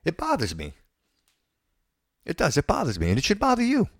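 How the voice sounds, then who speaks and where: A man's voice: on the high side, wildly swooping pitch, fairly quick, dry recording, studio quality. A man hosting a podcast, giving an indignant, opinionated rant and often stammering and repeating himself. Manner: stammering, repeats words and restarts phrases. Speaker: podcast host.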